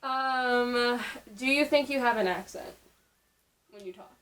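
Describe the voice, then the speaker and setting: A woman's voice: on the high side, unhurried, fairly bright tone, low-quality recording. Young woman, upstate New York accent, casual filler-heavy vlogger chat. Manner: chatty, many fillers.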